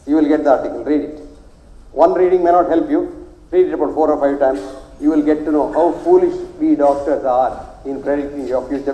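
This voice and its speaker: A man's voice: a little high, mellow, roomy sound, rough recording. A man from South India who is a doctor, speaking with a South Indian accent and giving an emphatic, repetitive health lecture.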